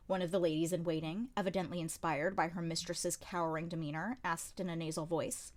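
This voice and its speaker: A woman's voice: fairly low pitch, a little fast. A woman narrating a light novel as an amateur audiobook reader, in a dry, wry storytelling manner. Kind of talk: scripted narration.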